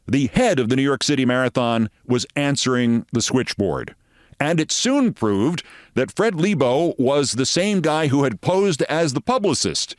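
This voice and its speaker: A man's voice: expressive, a little slow, no echo, clean studio sound. A man in his sixties hosting a commentary show, sardonic and storytelling. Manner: sardonic, storytelling, theatrical swings in pitch. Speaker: host. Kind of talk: political commentary monologue.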